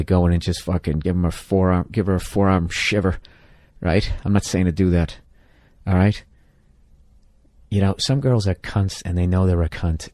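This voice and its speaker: A man with a low, mellow voice rants through relationship advice with blunt, profane exasperation. He talks in a loose, comedic podcast style, and the sound is dry and close. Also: no echo. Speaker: podcast host giving advice. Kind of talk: casual comedic rant.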